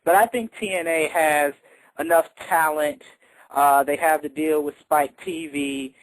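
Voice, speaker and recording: This man's voice is fairly high and steady, a little slow, heard in a dry, low-quality recording. Co-hosting a radio show from the studio, he serves as a quiz contestant, chatty and confident, laughing often as he answers questions in casual radio chat.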